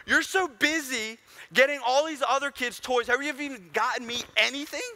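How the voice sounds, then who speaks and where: A man voicing a jealous six-year-old boy who complains in a high, strained voice. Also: normal speed, sharp tone, exaggerated voice. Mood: indignant.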